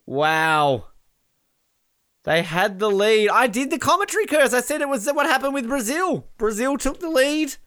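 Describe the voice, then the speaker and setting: Excitable man doing jokey match commentary. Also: very high voice, moderate pace, dry recording, studio quality. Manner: jokey, bursts into excited shouting at big moments. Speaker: podcast co-host. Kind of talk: casual live watch-along commentary.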